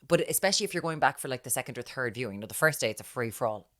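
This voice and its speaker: A woman with an Irish accent, co-hosting a podcast in casual chat and telling stories in a lively, chatty way. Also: rumbling low, rapid-fire. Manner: chatty storyteller, drops to hushed tones when retelling. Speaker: podcast co-host.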